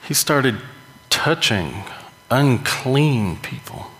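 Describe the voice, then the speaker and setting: A man's voice: medium pitch, very animated, extremely slow, fairly bright tone. A man preaching a sermon in a conversational, joking way, with emphatic rises. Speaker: pastor. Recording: long hall reverb.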